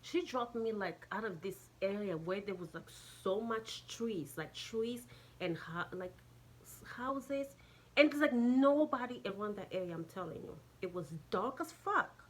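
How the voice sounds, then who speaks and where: A woman's voice: mid-range voice, lively intonation, a little slow. A woman with a Jamaican accent telling a casual storytime, rambling, swearing and restarting sentences often. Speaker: vlogger.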